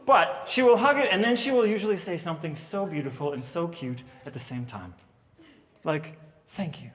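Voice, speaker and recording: A man in his thirties doing stand-up comedy at a birthday party, telling stories about his kids with lively, animated delivery. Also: high-pitched, a little fast, long reverb tail, a little hiss or hum. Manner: animated storytelling, puts on kids' voices.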